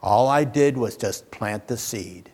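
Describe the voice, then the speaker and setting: A man's voice: on the low side, unhurried, a little mellow, long reverb tail. A man preaching a sermon, moving from emphatic declarations to folksy asides to his congregation.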